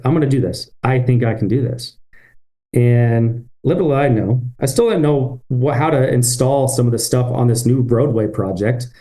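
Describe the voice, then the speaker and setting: A man's voice: mid-range voice, mellow. A man, a business-owner guest on a podcast, telling a story and acting out his own past thoughts and phone calls.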